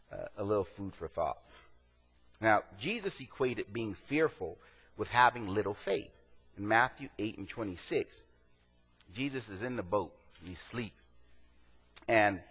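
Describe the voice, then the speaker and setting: Male pastor, low voice, conversational sermon with emphatic swells, reverberant hall. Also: fairly bright tone, slightly rough. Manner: conversational preaching, rising to emphatic peaks.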